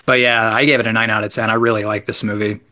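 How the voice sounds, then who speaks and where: Bright-voiced man reviewing a movie. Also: fairly low pitch, level tone, fast. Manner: easygoing, enthusiastic reviewer with loose filler words. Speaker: podcast co-host reviewing a movie. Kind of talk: casual chat.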